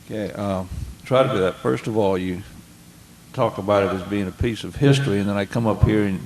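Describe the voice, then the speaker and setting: Older captain from hatteras, modest, lowish voice, super echoey hall. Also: male voice, fairly quick, a little mellow. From Hatteras Island, North Carolina. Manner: modest, self-deprecating. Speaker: boat captain guest. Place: festival stage. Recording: very echoey hall, faint noise.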